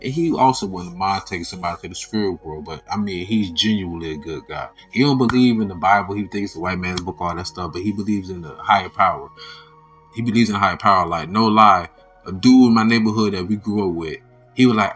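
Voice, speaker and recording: A man with a fairly low voice talks through religious ideas in a relaxed, storytelling way. He jumps from loud, animated quoted voices to soft asides and laughs often. Faint music sits quietly behind him. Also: fast, breathy edge. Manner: laughs often between sentences. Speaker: religious video host. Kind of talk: casual spiritual talk.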